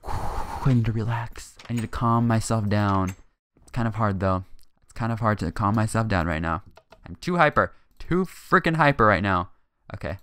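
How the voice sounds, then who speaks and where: A young man talking through his own game session in a chatty, hyper way, full of ums and quick laughs. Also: on the low side, bright, forceful tone, slight background noise. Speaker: gaming channel host. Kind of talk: gameplay commentary.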